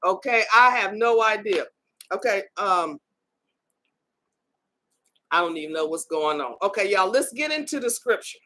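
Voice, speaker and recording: A woman's voice: mid-range voice, fairly bright tone. A middle-aged woman hosting a live-streamed faith podcast, talking casually and exhorting her listeners, often tagging her lines with "okay?" and "y'all.".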